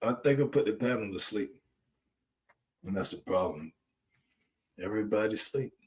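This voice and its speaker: Man, lowish voice, preaching hard with loud profane outbursts. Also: animated, normal speed. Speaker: channel host. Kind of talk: impassioned spoken monologue.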